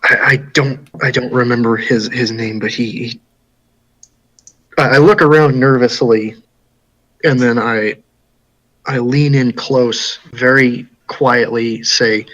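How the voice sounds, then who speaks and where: A man telling his part of a tabletop game in character, halting and restarting often. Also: medium pitch, steady tone, fairly bright tone, poor audio. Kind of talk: in-character storytelling.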